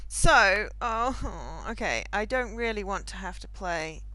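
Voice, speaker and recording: A woman's voice: medium pitch, expressive, takes it slowly, bright, forceful tone, no room sound, rough recording. A woman chatting casually on a gaming stream, musing aloud and thinking through her choices with viewers.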